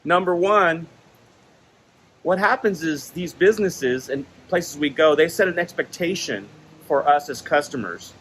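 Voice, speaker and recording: A man with a slightly higher than usual voice tells casual personal stories, laughing often as he goes. He acts out both sides of each exchange with lively shifts in his voice. A faint hiss of noise sits under the recording. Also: unhurried, low-quality recording. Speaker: vlogger sharing stories. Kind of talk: casual storytelling monologue.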